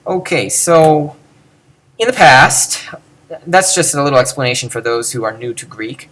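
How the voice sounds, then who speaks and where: A man's voice: mid-range voice, animated, normal speed, a bit bright. A man giving an informal video lecture on Ancient Greek, thinking aloud and demonstrating pronunciations.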